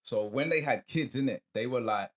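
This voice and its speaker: A man's voice: medium pitch, moderate pace. A man hosting a podcast, explaining his views in laid-back casual chat with street slang. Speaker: podcast host.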